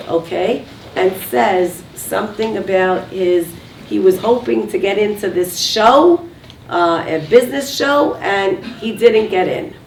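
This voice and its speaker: In an echoey room recorded from a distance with faint background noise, a woman teaches a group during a communication workshop, prompting the audience to call out their answers. Her voice is mid-range and a little mellow.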